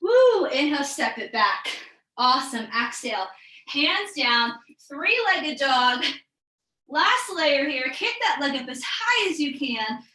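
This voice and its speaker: A woman's voice: high-pitched, very animated, takes it slowly, bright, forceful tone, echoey room, low-quality recording. A woman teaching a live online yoga class, calling out breaths and poses in an upbeat, encouraging way, a bit out of breath. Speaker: yoga instructor.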